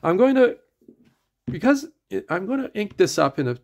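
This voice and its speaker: A man's voice: high-pitched, very animated, moderate pace. A middle-aged man with an Atlantic Canadian accent, reviewing a pen in a casual, rambling way full of fillers and restarts, sometimes drifting from the mic.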